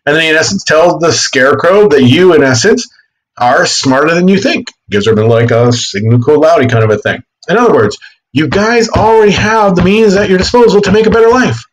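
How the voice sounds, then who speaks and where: A man teaching history in a casual, animated classroom lecture, explaining with quick asides and voiced bits. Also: fairly high pitch, poor audio.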